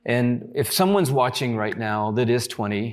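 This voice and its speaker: A man hosts a faith interview at a middle pitch, setting up his questions in full sentences. He backs up his guest often with short, affirming replies. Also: expressive, normal speed. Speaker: host. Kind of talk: faith talk show interview.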